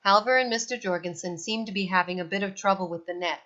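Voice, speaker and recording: This is a fast, medium-pitched female voice reading a children's novel with lively storytelling expression, captured in a somewhat dull recording.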